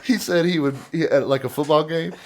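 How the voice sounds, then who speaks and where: A man's voice: a little high, brisk, a little hiss or hum. A man on a podcast telling stories in casual chat, acting out the voices of the people in them and laughing often. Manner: animated storyteller, acts out quoted voices, laughs often. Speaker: podcast host.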